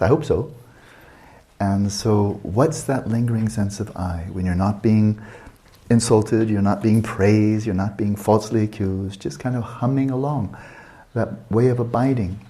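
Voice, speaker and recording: A man in his sixties teaching a meditation retreat, talking calmly and reflectively and asking many searching questions. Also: lowish voice. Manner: calm, reflective, asks many rhetorical questions.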